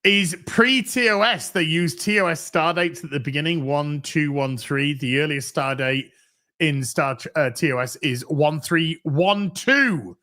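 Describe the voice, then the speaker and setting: A man's voice: a little high, a little slow, sharp tone. A man hosting a casual show, reading viewer messages in a dry, offhand way. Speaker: podcast host reading donations. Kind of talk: casual chat.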